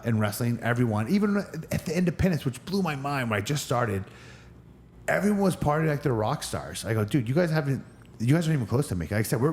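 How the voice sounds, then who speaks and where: A Northern California wrestler in his forties, nursing an injured knee, rambles through stories on a casual podcast interview with many restarts. His voice is fairly high and a little mellow, with slight background noise.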